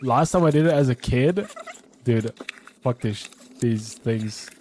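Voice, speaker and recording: A man's voice: mid-range voice, expressive, slow, darkish tone, a little hiss or hum. Casual swearing man streaming. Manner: swears freely, rambling and off the cuff. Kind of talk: casual live-stream chat.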